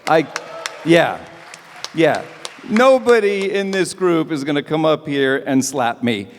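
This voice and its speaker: A man's voice: fairly high pitch, slow pace, a little hiss or hum. A man doing a chatty, self-mocking stand-up comedy set at an evening event. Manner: animated, chatty, self-mocking, acts out bits. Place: event hall with live audience. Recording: long hall reverb.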